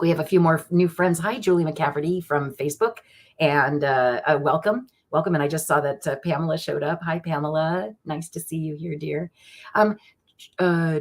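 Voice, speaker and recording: A woman hosting a live-stream psychic reading. She chats excitedly with viewers by name and slows into solemn invocations. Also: deep voice. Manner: slow solemn invocation prayers. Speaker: online psychic reader. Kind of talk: live-stream divination chat.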